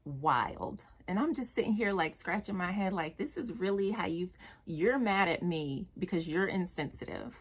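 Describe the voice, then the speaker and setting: A woman's voice: medium pitch, lively intonation, moderate pace, few pauses, breathy edge. A young woman vlogger giving blunt, exasperated commentary about dating, with slang and profanity. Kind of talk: direct-to-camera commentary.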